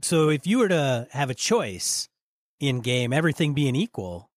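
Dude agreeing and chiming in on a gaming podcast, bouncy pitch, dry sound. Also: male voice, sing-song, normal speed, dry recording. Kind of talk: casual chat about tabletop gaming.

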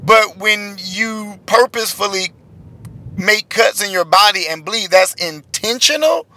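A man's voice: high-pitched, unhurried, sharp tone. Chatty man ranting from his car. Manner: rambling, exasperated, heavy fillers. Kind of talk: casual chat.

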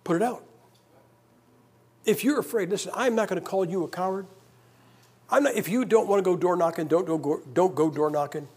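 A man's voice: high voice, brisk, long pauses, a little mellow, breathy edge. A man preaching a sermon in a church, conversational and emphatic, with joking asides. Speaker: guest preacher.

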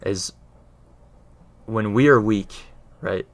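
A man's voice: lowish voice, slow. A man in casual explanatory talk, earnest, often checking in with his listener as he explains. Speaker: speaker explaining faith.

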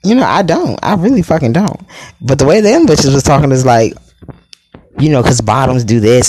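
A man telling a story in a casual, sassy and profane way, with dramatic asides and sudden jumps into a high voice. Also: huge pitch swings, moderate pace, darkish tone, slightly rough.

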